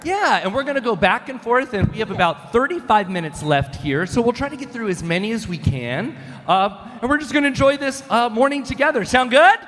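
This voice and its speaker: A man hosting a live panel in a large convention hall, his voice high and bouncing lively as he keeps things moving. Long reverb rings around him and a crowd murmurs faintly behind. He sounds upbeat and in charge of the room. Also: a little fast. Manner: upbeat, lively, directing the audience. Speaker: panel moderator.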